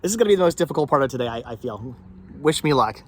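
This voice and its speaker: A man's voice: medium pitch, expressive, racing, a little mellow. A man vlogging outdoors beside his van, rambling and repeating himself as he works, phlegmy with a cough. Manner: rambling, repeats words, self-talk while working. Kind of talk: casual vlog chat. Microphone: camera set down nearby.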